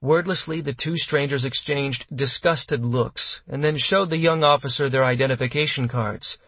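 A man reading an audiobook in steady, measured scripted narration, close to the mic. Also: medium pitch, breathy edge, no echo.

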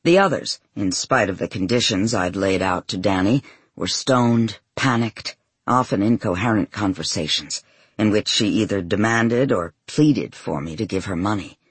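A man with a husky voice giving a measured, emotional first-person audiobook narration. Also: on the low side, lively intonation, no echo.

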